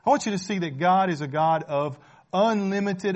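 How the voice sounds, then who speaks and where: Man preaching in a higher register. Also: normal speed, muffled recording. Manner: rhetorical questions, often checking in with "right?"; repeats phrases for emphasis, conversational. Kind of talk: sermon.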